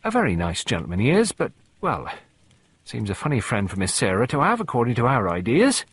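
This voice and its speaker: A man's voice: medium pitch, wildly swooping pitch, a little fast, slightly rough, voice pushed up. A man doing a chatty homely old cook woman. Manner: rambling, confiding, fond of old ways.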